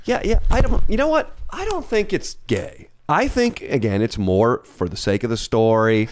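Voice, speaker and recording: Teasing podcast host man, lively voice. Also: mid-range voice, normal speed, a little hiss or hum. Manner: teasing, laughs often. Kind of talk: casual chat.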